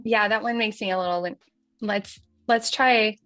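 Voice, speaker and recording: A woman in her thirties with a light Southern accent walks through a software demo in a chatty, self-teasing way. Her voice sits at a middle pitch and sounds close and dry, with faint music underneath. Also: fairly even intonation, measured pace, no room sound. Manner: chatty and folksy, says y'all, laughs at herself. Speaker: livestream host demonstrating software. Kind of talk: casual on-screen tutorial.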